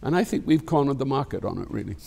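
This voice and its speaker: A creaky, medium-pitched voice belongs to an older Scottish actor giving a frank, conversational interview. He wanders reflectively through his thoughts, cursing freely.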